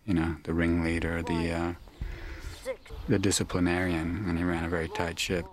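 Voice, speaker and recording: A man recalling film-set stories in an interview, relaxed and reflective. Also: sits low, normal speed, a crowd in the background. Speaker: cast member interviewed. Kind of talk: anecdotal interview.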